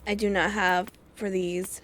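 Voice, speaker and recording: A young woman streaming a game, chatting casually in animated, laughing rants. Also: mid-range voice, unhurried, slight background noise. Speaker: gaming streamer. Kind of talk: casual let's-play chat.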